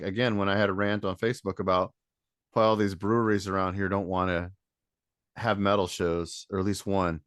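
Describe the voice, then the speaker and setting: Musician guy from michigan, deep voice, rambly and easygoing, dry mic. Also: dry recording. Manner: laid-back, chuckling, rambling. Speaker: band member guest. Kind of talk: casual interview chat.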